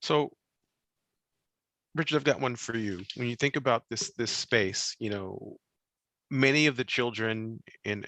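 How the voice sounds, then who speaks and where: Low-voiced man hosting a radio panel. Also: no room sound. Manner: animated, inviting questions. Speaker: radio host. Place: radio studio.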